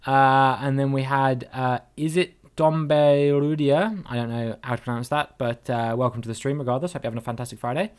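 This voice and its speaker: A man streaming live with a smooth, resonant voice. He chats playfully with his viewers as he plays, keeps his pitch in a middle range, and drops in casual swearing. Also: fairly even intonation, brisk, hardly any pauses. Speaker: streamer playing a geography guessing game with chat.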